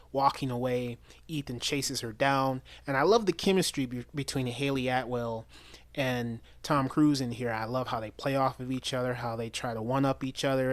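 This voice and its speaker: A man's voice: mid-range voice, no echo. A man giving a casual, enthusiastic spoken movie review, chatty and full of restarts. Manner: chatty, enthusiastic, with frequent restarts and quoted lines.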